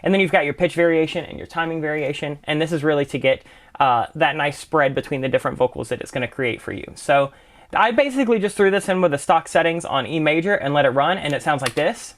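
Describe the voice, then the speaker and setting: A young man walks through music production plugins in a relaxed, conversational way. His voice sits a little high, and he talks quickly, with plenty of "kind of" and doubled words. He sounds like a friendly tutor sharing his own workflow. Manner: relaxed, chatty, full of fillers like "kind of" and "really, really". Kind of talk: casual screen-share tutorial.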